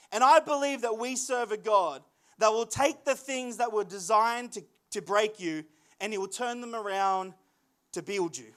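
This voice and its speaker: A young man preaching with a very high voice. He is earnest, often repeats words as he builds a point, and slows into falling phrases when he reads scripture aloud. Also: fairly bright tone. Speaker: lead pastor. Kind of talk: sermon.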